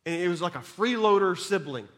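A man preaching a sermon in an emphatic way, swinging between loud and soft and repeating words when he stumbles. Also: high voice, lively intonation, a little fast.

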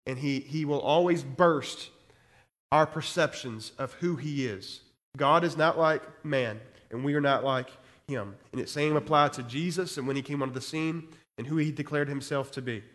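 Male pastor, high voice, passionate scripture reading and commentary. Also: moderate pace, fairly bright tone. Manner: reads verses aloud with rising intensity, adds commentary. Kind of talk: expository sermon reading scripture.

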